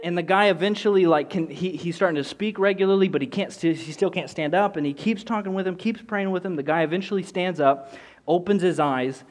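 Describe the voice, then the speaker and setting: A man's voice: high-pitched, quick pace. A young man telling a personal story with candid, rambling earnestness, full of restarts and fillers. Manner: earnest, rising excitement in quoted moments.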